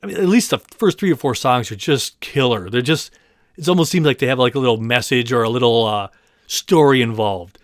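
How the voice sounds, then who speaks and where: A man's voice: mid-range voice, a little fast, dry recording, studio quality. Rambling, self-deprecating podcast host, a man. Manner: rambling and self-deprecating, with restarts and stumbling over place names. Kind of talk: casual monologue thanking listeners.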